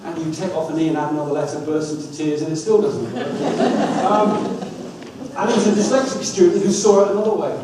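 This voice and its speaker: A man giving a lively talk on dyslexia, coaxing the audience through activities with wry asides. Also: on the high side, fast talker, recorded from a distance. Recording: echoey hall, speaker off-mic, faint room hum.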